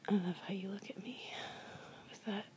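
A young woman in a whispered role-play, speaking in a soft murmuring whisper with many hums. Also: medium pitch, level tone, moderate pace, background noise. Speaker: ASMR performer.

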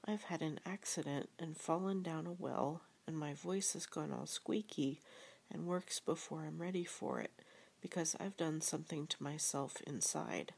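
A woman voicing a simple-minded, gentle male toy bear who muses in an earnest, puzzled way. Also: deep voice, normal speed, gravelly, breathy edge, full character voice.

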